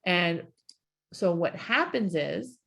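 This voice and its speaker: A woman's voice: fairly low pitch, lively intonation, slow, creaky, a bit bright. A woman life coach giving a live-streamed coaching talk, encouraging and asking her audience many questions.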